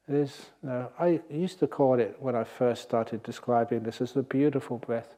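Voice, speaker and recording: An older man giving a gentle, unhurried meditation talk with playful asides, as a meditation teacher on retreat. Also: medium pitch, steady tone. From England. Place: meditation hall at a retreat centre.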